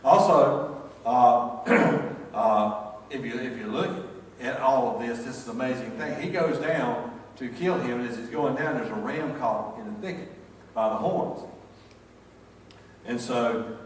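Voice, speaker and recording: A man's voice: medium pitch, a little slow, pauses often, a little hiss or hum. An older man with a Southern American accent preaching a folksy sermon full of personal stories, with rambling restarts. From North Carolina, USA. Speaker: pastor. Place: church sanctuary. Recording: echoey church hall, mic far off, faint ambience.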